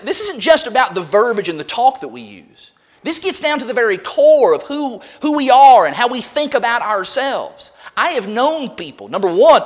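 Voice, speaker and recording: A man preaching a sermon who reads scripture aloud and repeats key points with emphasis. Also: high-pitched. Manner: emphatic, repeats scripture references, swings from quiet to loud.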